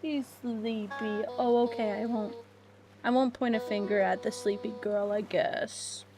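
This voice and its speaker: A woman's voice: medium pitch, fairly even intonation, measured pace, over music. A woman streaming a video game, chatting casually and rambling to her viewers. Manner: chatty, rambling, talks to chat. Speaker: live streamer. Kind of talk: casual live-stream chat while gaming.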